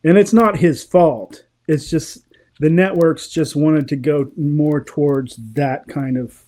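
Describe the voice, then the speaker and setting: Mellow-voiced man telling lively stories. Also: fairly high pitch, slow pace. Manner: animated, opinionated, laughing storyteller. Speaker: guest. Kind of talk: casual interview chat.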